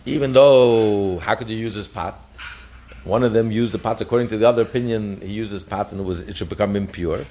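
A man's voice: a little fast, a little hiss or hum. A man teaching a daf yomi Talmud class, explaining with frequent restarts and acting out the sages' voices. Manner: animated, acts out the sages' voices with pitch jumps; repeats and restarts phrases while explaining.

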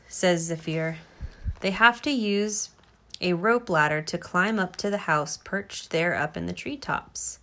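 A woman's voice: lowish voice, a little slow. Mother reading a storybook aloud. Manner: gentle, expressive reading. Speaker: mother reading to her child.

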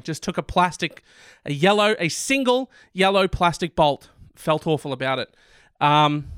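A man hosting a podcast, reading odd news stories in a casual, joking way, with ranting asides, a little hoarse and coughing. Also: a little high, a bit bright, dry recording, studio quality. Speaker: podcast host.

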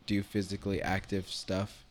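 A man's voice: deep voice, completely flat delivery, moderate pace. Young man, laid-back, joking, casual chat.

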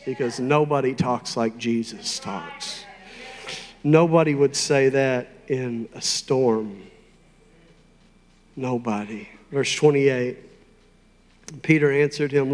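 Slow, emphatic preacher in a reverberant hall. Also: male voice, medium pitch. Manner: slow, emphatic, playful asides to the congregation. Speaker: pastor. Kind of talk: sermon.

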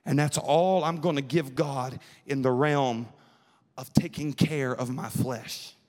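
This young preacher speaks slowly at medium pitch, his intonation fairly even and his tone a little mellow. He leads a fervent, Pentecostal-style youth sermon at an evening church service, calling for the crowd's responses in a rhythmic cadence. Long reverb from the large sanctuary fills the recording.

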